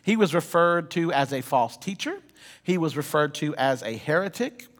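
A man's voice: a little high, expressive, normal speed, fairly bright tone. A man preaching a sermon, telling stories with humorous asides to the congregation. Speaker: pastor. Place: church sanctuary. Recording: long reverb of a church hall.

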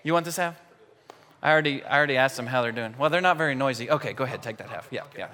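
A man preaching a sermon in a large church, lively and joking with the congregation. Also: medium pitch, racing. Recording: church hall reverb.

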